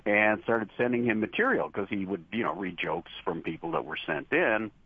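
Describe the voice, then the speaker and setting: A middle-aged man, a horror show host giving relaxed, chatty interview answers and laughing easily. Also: fairly low pitch, moderate pace, breathy edge, no room sound. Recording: dull lo-fi dry line.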